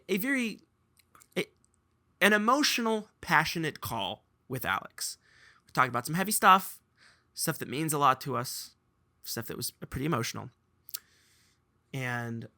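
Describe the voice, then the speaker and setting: A young man hosting a casual podcast chat, telling stories with lively, laughing energy. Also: a little high, no echo, studio quality. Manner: animated storyteller, laughs while telling. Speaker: podcast host.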